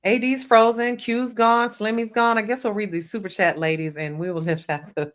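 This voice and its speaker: A woman's voice: medium pitch, fairly even intonation, normal speed. Chatty woman co-hosting a podcast. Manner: chatty, loose, trails off mid-sentence. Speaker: podcast co-host. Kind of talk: casual panel chat, reading viewer messages.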